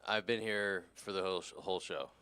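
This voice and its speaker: A man's voice: deep voice, fairly even intonation, fairly quick, pushed and bright, smooth, no room sound. A tired, tipsy man from California doing a rambling, crude, self-deprecating stand-up set. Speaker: stand-up comedian.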